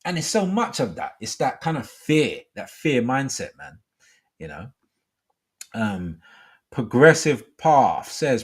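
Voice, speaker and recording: Husky middle-aged male call-in host. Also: medium pitch, big pitch swings, slow pace. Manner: rambling, full of fillers and "you know". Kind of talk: live call-in talk show.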